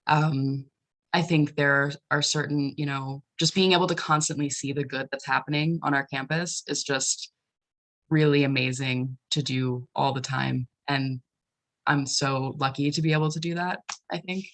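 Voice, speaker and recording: A woman's voice: low voice, steady tone, normal speed. A student government member who has partly lost her voice, answering earnestly and reflectively with many fillers. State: losing her voice. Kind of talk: casual panel answer.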